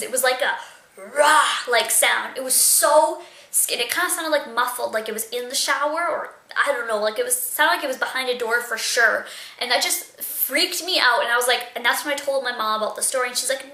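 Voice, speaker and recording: A woman's voice: on the high side, brisk, sharp tone. A young woman telling a story in a casual, chatty vlog, with lots of fillers. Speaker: vlogger. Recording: echoey room.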